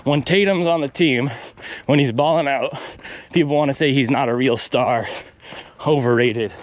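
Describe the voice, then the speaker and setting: While out running, a man films a casual vlog, ranting animatedly and figuring out his pace math out loud. He speaks at a normal speed in a mid-range voice, with no echo on the sound.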